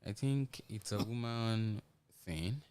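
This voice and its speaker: A man with a Nigerian English accent, talking in earnest and halting chat on a gospel radio show, restarting often and slipping into pidgin. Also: lowish voice, a little mellow, clean tone.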